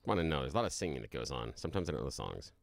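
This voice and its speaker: Deep, gravelly middle-aged male co-host with a lively delivery, casual and chuckling. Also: very fast, no room sound, studio quality. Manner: chuckling storyteller. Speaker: radio co-host. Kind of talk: casual talk radio banter. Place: radio studio. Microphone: studio microphone.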